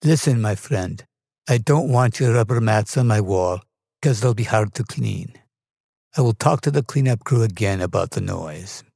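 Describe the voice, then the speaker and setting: Narrator doing an evasive middle-aged restaurant owner with a thick Moroccan accent; keep him falsely friendly and low-pitched. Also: male voice, expressive, moderate pace, gravelly, darkish tone, slightly rough, no room sound, studio quality, heavily acted. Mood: smooth, placating. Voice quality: heavy accent.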